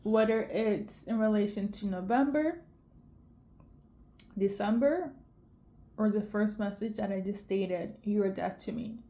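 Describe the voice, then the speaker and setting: A woman's voice: mid-range voice, unhurried, pauses often, warm tone. A tearful woman giving an intuitive tarot reading to camera, emotional and tagging "okay?" onto her lines. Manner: emotional, repeats "okay?" often. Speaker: tarot reader.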